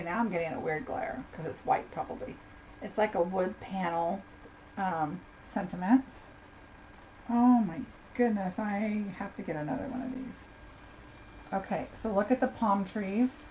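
Talking to viewers by name, a woman demonstrates crafts during a chatty live unboxing and gushes over each item. She has a medium-pitched voice with a darkish tone. The audio is slightly dull and lo-fi, carrying a faint noise.

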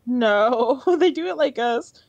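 A woman's voice: high-pitched, expressive, slow pace, a little mellow, dry recording, muffled recording. A woman co-commentating a game stream, chatting playfully and casually.

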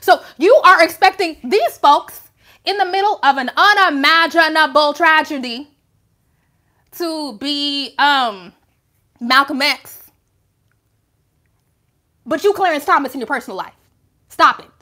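Woman, live commentary host, high voice, emphatic, rhetorical questions. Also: unhurried, long pauses, pushed and bright.

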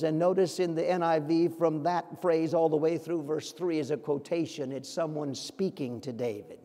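Male pastor, earnest sermon delivery, high voice, long church echo. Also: steady tone, normal speed, hardly any pauses, dark tone. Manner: earnest, with pointed rhetorical questions. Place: church sanctuary.

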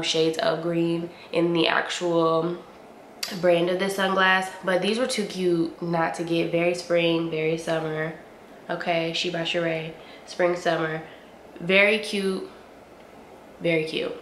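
A young woman gushes over her finds to camera, slangy and playful, stretching her hums and words out slowly. Her voice sits a little low, a touch sniffly, and the room gives it a noticeable echo over a faint hiss. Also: fairly bright tone. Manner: gushing, playful, drawn-out hums and slangy asides. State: sniffly from allergies. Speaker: beauty and fashion vlogger. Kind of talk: casual haul review to camera. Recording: roomy echo with faint ambient noise.

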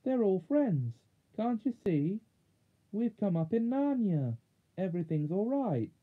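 Man doing a squeaky worked-up little girl yelling, sounds like over the phone. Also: big pitch swings, measured pace, phone-quality sound, heavily acted. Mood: urgent. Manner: high, cries out eagerly. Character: young girl, excited and urgent.

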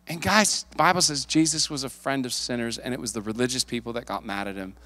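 A male pastor preaching a sermon, lively and playful, acting out the people in the story. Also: mid-range voice, fast, hardly any pauses. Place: church sanctuary. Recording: long hall reverb.

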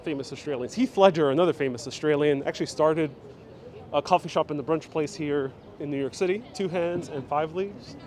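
A man's voice: a little high, fairly quick, darkish tone. A man hosting a live walking tour, joking as he reads out viewer comments while he walks through a city station. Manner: jokey, chatty, reacting to viewer comments. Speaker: host. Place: outdoors and in a busy city station. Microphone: handheld phone on gimbal.

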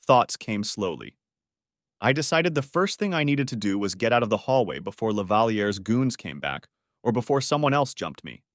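A man's voice: lowish voice, fairly bright tone, no room sound, studio quality. A man narrating a first-person story as an audiobook, reading it dramatically.

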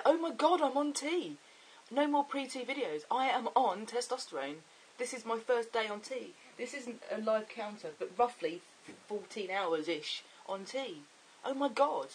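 A young man chatting excitably and rambling in a casual video diary. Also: on the high side, a little hiss or hum, low-quality recording. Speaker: vlogger.

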